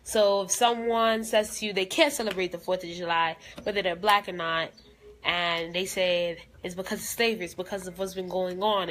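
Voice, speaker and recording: Woman, live-stream host, bright and forceful, fervent preacher-like delivery, soft to emphatic. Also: mid-range voice, poor audio. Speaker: vlogger hosting a live video. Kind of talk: impassioned live-stream commentary.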